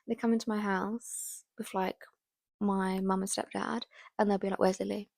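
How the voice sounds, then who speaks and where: A young woman in her twenties talks casually to her viewers, rambling and full of fillers, her voice sitting at an ordinary middle pitch. At times she slips into a soft whisper. The recording is close and dry, with no room sound. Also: level tone, moderate pace, creaky, dry recording. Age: 20s. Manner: often drops to a soft whisper. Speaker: vlogger. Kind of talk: casual chat to camera.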